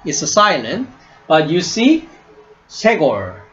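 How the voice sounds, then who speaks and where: A man teaching a class, speaking slowly, repeating each word and checking "right?" with his students. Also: a little high, huge pitch swings, a bit bright, muffled recording. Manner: slow, repeats words and asks "right?" often. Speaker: Hebrew teacher. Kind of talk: classroom lesson.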